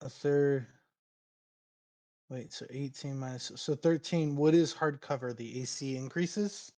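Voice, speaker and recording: A man running a tabletop game as game master, narrating with frequent laughs and halting restarts. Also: medium pitch, dark tone.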